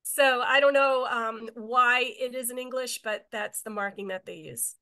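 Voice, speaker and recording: Woman from Israel, tour guide presenting on a video call; a slightly high voice, loose and rambling with lots of fillers. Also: a little slow, sharp tone, clean tone. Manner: chatty, meandering, many filler words. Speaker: tour guide giving a talk.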